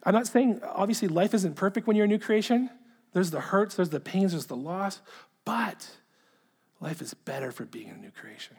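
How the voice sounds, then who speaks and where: A man delivers a sermon with earnest conviction, his voice sitting a little high for a man. He doubles back on words when he stresses a point and lets his thoughts fade into a hushed, quiet finish. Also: expressive, moderate pace, husky. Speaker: pastor. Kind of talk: sermon reading a letter aloud.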